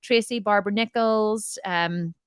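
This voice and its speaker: A woman's voice: medium pitch, a little slow, clean tone, no room sound, clean studio sound. A woman, hosting a live fitness Q&A from home in a chatty, upbeat way and greeting viewers by name. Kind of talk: casual livestream chat. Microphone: computer microphone on a video stream.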